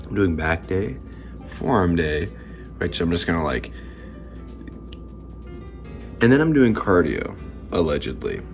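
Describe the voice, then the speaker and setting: Rambling young man vlogging over music. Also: low voice. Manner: rambling storytelling, slangy and animated. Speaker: fitness vlogger. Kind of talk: casual vlog talk to camera.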